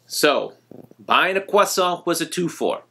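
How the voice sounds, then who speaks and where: A man hosting a vlog, telling a nostalgic personal story in a gentle, reflective way. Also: fairly high pitch, lively intonation, measured pace, gravelly, husky. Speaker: vlog host.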